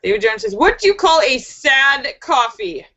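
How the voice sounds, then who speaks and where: A woman's voice: high-pitched, very animated, normal speed, bright, forceful tone, dull audio. A woman hosting a casual live stream, reading out viewers' jokes and laughing at them. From United States. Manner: giggly, laughs at her own jokes.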